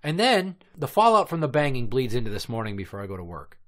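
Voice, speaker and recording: A man's voice: mid-range voice, sing-song, fast, fairly bright tone. A man in his thirties hosting a comedy podcast, telling crude stories in long, profane, rambling run-on rants. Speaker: podcast host.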